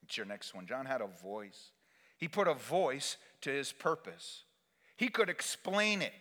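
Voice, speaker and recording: A man preaching a sermon as pastor, swinging between loud exhortation and quiet, intimate asides. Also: mid-range voice, sing-song, unhurried, big-room sound.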